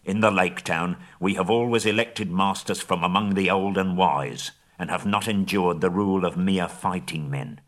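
A pompous old town master who talks down to the crowd in a low, weighty voice, as a male narrator puts him on. He speaks like an orator, full of self-justification, making a grand defensive appeal in a storybook. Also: normal speed, few pauses, fairly bright tone. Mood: dismissive.

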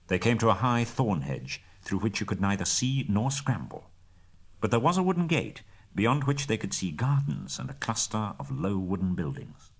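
A man reading a storybook aloud in measured narration, dropping to a hush at quiet moments. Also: fairly low pitch, big pitch swings, husky.

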